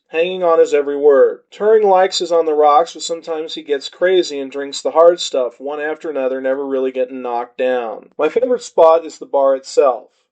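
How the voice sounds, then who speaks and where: A man's voice: fairly high pitch, mellow. A man reading a short story aloud in the first person with a wry, laid-back delivery, on a dull lo-fi recording.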